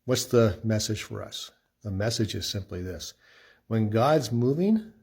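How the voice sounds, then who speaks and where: A man's voice: lowish voice, animated, normal speed, a little mellow, husky. A man talking casually through a Bible passage as a pastor, emphatic and conversational, acting out the quoted voices. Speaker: pastor giving a short Bible devotional.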